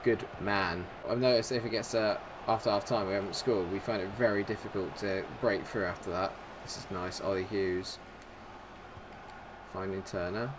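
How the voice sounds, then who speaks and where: A man giving live commentary over his own football video game, calm and chatty between chances and shouting when his side scores. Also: deep voice, normal speed, background noise. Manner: excitable football-style commentary, shouts at goals. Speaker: gaming YouTuber.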